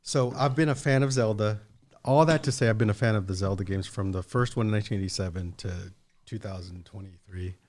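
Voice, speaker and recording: A man's voice: fairly low pitch, brisk, a little mellow. A man co-hosting a podcast, telling a story in casual chat with lots of restarts and asides. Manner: rambling storyteller with many restarts. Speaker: podcast co-host.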